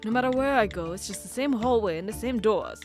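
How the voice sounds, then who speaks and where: A woman's voice: a little high, animated, quick pace, natural voice. A woman voicing a curious young employee in a game, in a shaky, overdone posh British accent. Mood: puzzled. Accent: put-on British. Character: young new bureau employee, curious and chatty. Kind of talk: game dialogue read aloud. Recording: game music playing behind.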